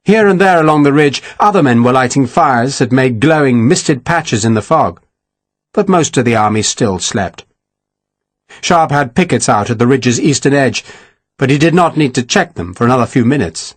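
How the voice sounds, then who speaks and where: A man narrating a historical war novel in a measured, expressive storytelling manner. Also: mid-range voice, no echo. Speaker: audiobook narrator. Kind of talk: scripted narration.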